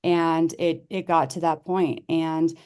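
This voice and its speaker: A middle-aged woman appears as a podcast guest, earnestly and heartfeltly sharing a personal story in casual conversation, often restarting sentences and reenacting what people said. Her low voice is slow, fairly flat in pitch, a little mellow, clear and resonant.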